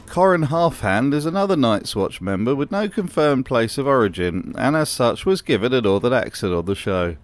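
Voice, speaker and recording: A man's voice: mid-range voice, sing-song, moderate pace, few pauses. A man narrating a wry commentary voice-over in a dry, sardonic manner. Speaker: video narrator.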